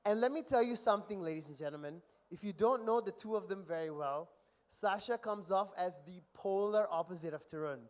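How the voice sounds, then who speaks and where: A young man giving a best man speech at a wedding reception, telling stories and reading texts aloud in an animated way. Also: high-pitched, fairly quick. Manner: animated storytelling, mock-reads texts aloud.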